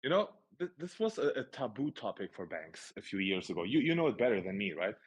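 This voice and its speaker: A man's voice: fairly low pitch, sing-song, fast talker, husky. A man co-hosting a market analysis livestream, speaking hesitantly with stuttered restarts and frequent tag questions. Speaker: market analyst stream co-host. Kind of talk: casual livestream chat.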